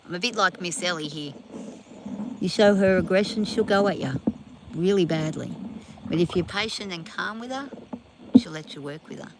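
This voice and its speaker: A woman's voice: fairly low pitch, moderate pace, long pauses. Woman, casual storyteller, chats to horses, outdoors, background noise. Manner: rambling anecdotes, chatting to the animals. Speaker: farm owner filming her horses. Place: outdoors on a farm.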